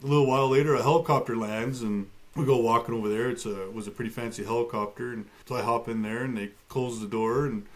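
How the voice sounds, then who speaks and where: Man calmly telling a survival story. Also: mid-range voice, fast, few pauses. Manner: matter-of-fact, light humor with fillers. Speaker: guest, bear attack survivor.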